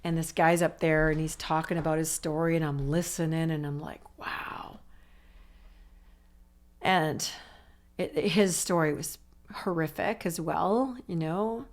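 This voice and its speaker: A woman speaks as an interview guest, recounting her recovery in long, tumbling sentences. Her voice sits a little low for a woman. She strings her thoughts together with constant asides and quoted reactions. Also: steady tone, normal speed. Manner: emotional, run-on storytelling with many "I'm like" asides. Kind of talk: personal recovery story in conversation.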